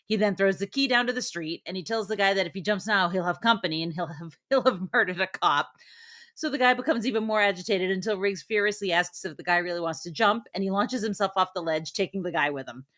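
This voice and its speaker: A woman co-hosting a movie podcast, recapping the plot in a steady, plain way. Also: medium pitch, fast talker. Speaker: podcast co-host. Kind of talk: reading a plot summary.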